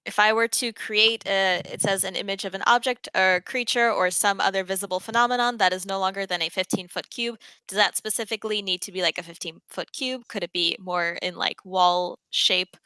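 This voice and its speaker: A young woman playing a tabletop game, thinking aloud with many fillers and quick apologies. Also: medium pitch, steady tone, bright, forceful tone, clear, resonant tone, no echo. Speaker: player. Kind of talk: casual tabletop game chat.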